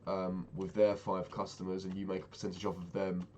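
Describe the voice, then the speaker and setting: A man's voice: deep voice, flat delivery, brisk, darkish tone, lo-fi sound, slight background noise. A young man casually recounting a frustrating meeting, exasperated and swearing freely as he talks. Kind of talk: casual storytelling rant.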